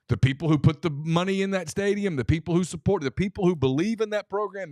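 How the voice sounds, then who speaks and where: A man's voice: a little high, no echo, clean studio sound. A man from Louisiana co-hosting a sports talk show, insistent and emphatic, repeating himself to drive a point home. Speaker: co-host.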